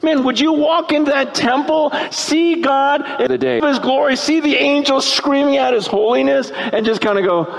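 A man preaching a sermon at a tent meeting, moving from hushed, low musings to loud, shouting peaks. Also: normal speed, creaky, hardly any pauses. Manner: animated, swinging from hushed to shouting.

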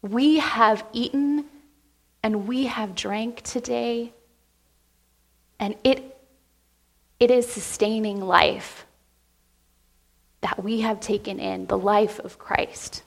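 Woman pastor, sermon delivery, unhurried and gravelly, heartfelt and moved. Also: on the high side. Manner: emotional, heartfelt preaching with pauses. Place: church sanctuary.

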